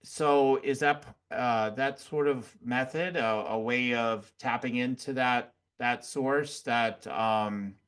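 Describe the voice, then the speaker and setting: A man hosting an interview podcast, asking questions in a halting way while searching for words. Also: mid-range voice, a bit bright, smooth. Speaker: podcast host. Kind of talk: casual interview talk.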